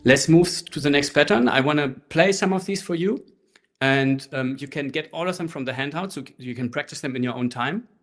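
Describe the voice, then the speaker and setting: A man teaching a live online handpan workshop, explaining rhythms in a relaxed way and chanting rhythm syllables, recorded through a laptop microphone. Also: a little high, fairly quick. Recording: faint handpan music behind. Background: handpan playing.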